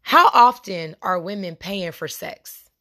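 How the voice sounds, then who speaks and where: A woman's voice: fairly low pitch, slow, pushed and bright. A young adult woman, hosting a podcast monologue in a casual, impassioned way and talking straight to her listeners. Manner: impassioned, conversational, addresses listeners as y'all. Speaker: podcast host.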